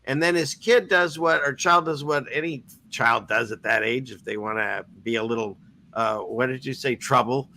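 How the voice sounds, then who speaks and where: A man's voice: medium pitch, normal speed, bright, forceful tone. A man hosting a casual online talk show, rambling through a story with frequent restarts and easy laughter. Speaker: podcast host. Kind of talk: casual chat.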